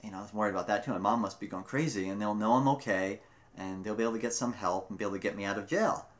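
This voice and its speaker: A man's voice: fairly low pitch, very fast. Young guy talking to camera, rambly storytelling, keeps restarting sentences. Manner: rambling, self-interrupting, animated retelling. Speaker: vlogger telling a personal story. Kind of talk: casual first-person storytelling.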